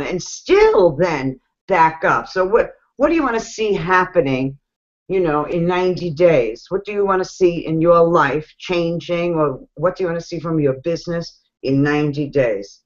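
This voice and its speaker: A woman with a New York accent giving casual coaching advice, chatty and animated, laughing often. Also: lowish voice. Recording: dull lo-fi sound.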